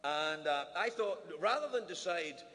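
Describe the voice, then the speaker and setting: A Scottish man doing stand-up comedy at a formal dinner, animated, full of quick asides and mock-voiced quotes. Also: sits high. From Scotland. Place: large banquet hall. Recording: roomy hall with faint ambience.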